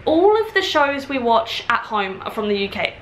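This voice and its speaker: Woman, twenties, Australian accent with British influence, chatty and rambling, bright tense voice, roomy echo, faint hum. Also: a little high, very animated. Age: 20s. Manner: chatty, rambling, quick asides. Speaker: vlogger. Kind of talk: casual chat to camera. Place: at home, indoors.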